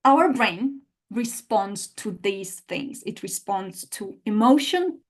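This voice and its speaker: A woman teaching an online language lesson, explaining in a lively way and often rephrasing and repeating her points. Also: mid-range voice, takes it slowly.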